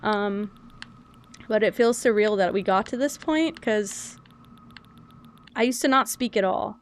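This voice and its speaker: Young woman, streamer, chatty, casual, mid-pitched. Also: measured pace, a little hiss or hum. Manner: chatty, animated, self-described loud and yappy. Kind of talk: casual chat while gaming.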